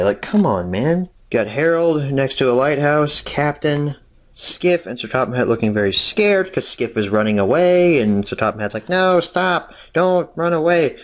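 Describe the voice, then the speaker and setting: A young man hosting a casual review, rambling and self-deprecating with jokey asides. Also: medium pitch. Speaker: host.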